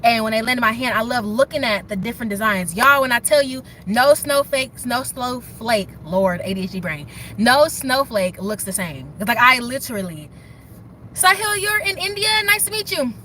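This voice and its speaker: A young woman chatting excitedly and rambling on a phone livestream, standing outdoors in the snow by her car and talking straight to her viewers. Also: on the high side, fairly quick, a little hiss or hum. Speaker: livestream host. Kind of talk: casual livestream chat.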